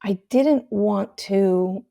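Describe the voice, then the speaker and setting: An older woman hosting a talk show, telling her own childhood story in a candid, measured way and dropping to a soft hush on painful memories. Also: medium pitch, creaky. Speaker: host sharing her story. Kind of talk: personal storytelling, reflective monologue.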